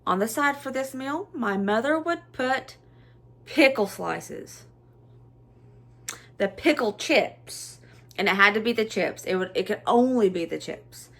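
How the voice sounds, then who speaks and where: A woman's voice: on the high side, animated, unhurried, a bit bright. A middle-aged woman with a Southern US accent, chatting nostalgically through a casual home cooking vlog and laughing often. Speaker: cooking vlogger.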